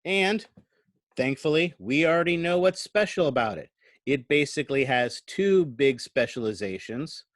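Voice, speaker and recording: Here a man who lectures at college talks through a recorded online lesson on his computer microphone, his fairly high voice full of lively intonation at a moderate pace. He keeps things conversational and frequently asks "right?" There's no echo.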